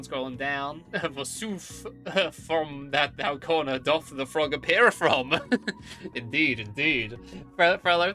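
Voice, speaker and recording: A streamer with a bright, forceful voice, bubbly and full of silly exclamations while greeting chat. The pitch stays in the middle range. Faint music plays in the background.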